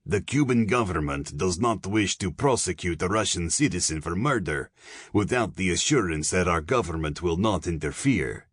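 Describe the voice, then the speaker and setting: A man doing a pompous police colonel in an audiobook, who lectures in earnest with a weary edge. The voice sits low and husky, and it is recorded dry and close. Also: lively intonation, normal speed, no echo. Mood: lecturing. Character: solemn, pompous middle-aged male police colonel.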